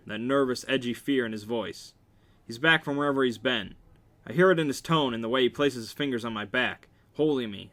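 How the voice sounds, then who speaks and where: A man's voice: mid-range voice, sharp tone. A man reading a novel aloud, with wry, joking asides. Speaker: reader.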